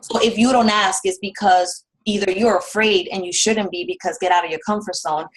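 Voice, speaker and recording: A woman's voice: medium pitch, fairly even intonation, brisk, rough recording. A woman coaching her team on a call, speaking in an encouraging, motivational way. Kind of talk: casual team call talk.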